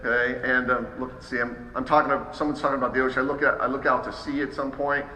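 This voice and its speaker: A man giving a casual, upbeat live software demo to an audience, with many fillers and restarts. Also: medium pitch, flat delivery, quick pace. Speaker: software trainer presenting at a trade show. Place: large hall. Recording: roomy hall echo, faint ambience.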